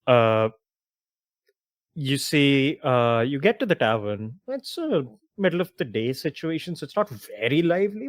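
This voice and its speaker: A man's voice: mid-range voice, no echo, clean studio sound. A man, game master of a tabletop game, narrating scenes in a casual, rambling way. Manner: casual, rambling, many fillers.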